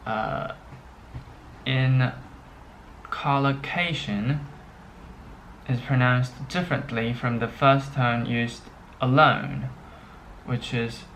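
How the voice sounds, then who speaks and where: Very slow, halting male teacher. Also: medium pitch, a bit bright, a little hiss or hum, low-quality recording. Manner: slow and halting, with many pauses and fillers; checks in often with "okay". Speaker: Chinese language teacher. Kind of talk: unscripted language lesson.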